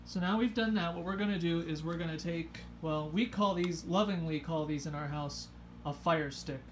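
A woman in her thirties leading a home Sunday school lesson for children, speaking gently and encouragingly and reading a storybook aloud. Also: fairly low pitch, normal speed, slight background noise. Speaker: Sunday school teacher, parent. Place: family home.

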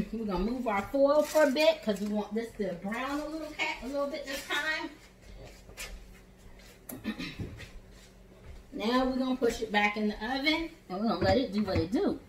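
A woman's voice: a little high, animated, moderate pace, long pauses, noisy background. A woman with a Southern US accent giving a chatty, encouraging cooking demonstration in her home kitchen, calling her viewers y'all and honey. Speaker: home chef. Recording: echoey kitchen, voice from a distance.

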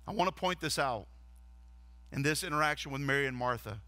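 A man's voice: mid-range voice, animated, brisk, bright, forceful tone, no echo. A man, a lead pastor, preaching a sermon earnestly and asking the congregation rhetorical questions. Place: church stage.

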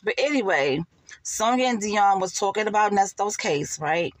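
A woman's voice: mid-range voice, expressive, normal speed, no room sound. A woman, giving sassy, laughing gossip commentary and calling her listeners honey and child. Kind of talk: casual commentary vlog.

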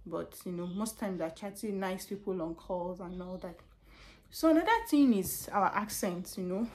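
A woman's voice: on the low side, moderate pace. A young Nigerian woman with a Nigerian accent, a customer service representative chatting casually in a vlog about her job and telling stories with lots of repetition. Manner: animated storytelling with laughs and repetitions.

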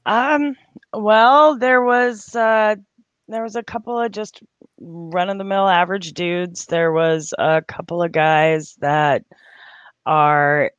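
Man, higher voice, very slow, halting with fillers, dry close sound. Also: fairly even intonation, fairly bright tone, clean tone, dry recording, muffled recording. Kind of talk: casual chat.

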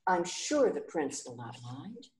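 A woman's voice: low voice, sing-song, takes it slowly, a little mellow, roomy sound, heavily acted. A woman voicing a polite, welcoming palace guard in a storybook reading.

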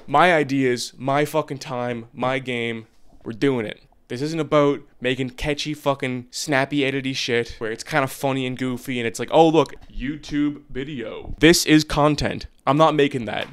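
A young man in his twenties rants straight to the camera, swearing freely and speaking with restless, earnest bluntness. His voice is smooth and clear, sitting at an ordinary middle pitch. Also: steady tone, normal speed, fairly bright tone. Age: 20s. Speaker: vlogger. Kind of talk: unscripted rant to camera.

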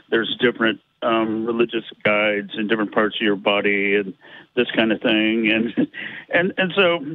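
A man's voice: mid-range voice, no room sound. A man calling in to a show, rambling hesitantly with many fillers, heard over a phone line. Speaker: caller. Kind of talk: phone-in call. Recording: tinny dry phone line.

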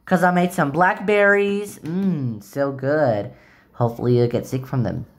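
Sulky, spiteful cook girl played by a woman in a toy drama, low and dragging delivery. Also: measured pace. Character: sulky bossy female cook, spiteful then sorry. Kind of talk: toy play-acting drama.

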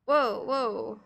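A woman's voice: on the high side, creaky, a bit bright. A woman streamer chatting casually with her viewers while she draws, giggly and playful as she teases her chat.

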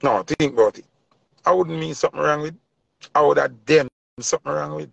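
Gravelly Jamaican man ranting passionately. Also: fairly high pitch, fairly quick, a bit bright, no echo. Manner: passionate, preachy, Patois-heavy rant. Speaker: vlogger. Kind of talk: ranting commentary. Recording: dull lo-fi dry sound.

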